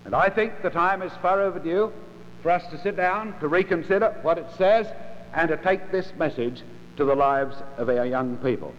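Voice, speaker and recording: A man preaching a sermon in a measured, emphatic way, with dramatic pauses between phrases. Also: on the high side, slight background noise. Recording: lo-fi recording in a large reverberant hall.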